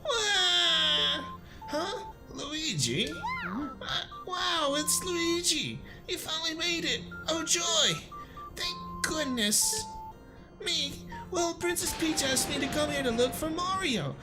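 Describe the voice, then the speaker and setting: A man voicing a frantic, tearful little male mushroom retainer who sobs and pleads in a high voice. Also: sing-song, slow pace, over loud music, exaggerated voice, low-quality recording. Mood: weepy, panicked. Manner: high-pitched, sobbing and pleading. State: crying.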